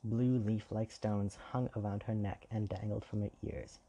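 A man narrating a fairy tale in a measured, even reading. His voice is low and dark, with a gravelly, husky texture. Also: muffled recording. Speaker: storyteller.

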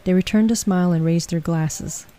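A woman reading a story aloud in a calm, even way. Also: lowish voice, moderate pace. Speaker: narrator. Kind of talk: storybook narration.

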